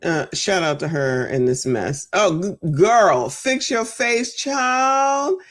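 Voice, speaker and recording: A woman's voice: on the low side, lively intonation, slow pace, soft background music. A woman in her forties or fifties from the United States, hosting reaction commentary and talking to viewers in a sassy, blunt way. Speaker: commentary channel host.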